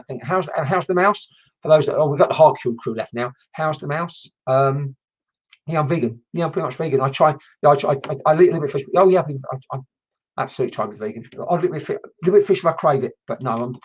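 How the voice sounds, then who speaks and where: A man working as a spiritual medium, chatting casually and rambling on a livestream while answering viewers' comments. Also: fairly high pitch. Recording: dull lo-fi stream audio.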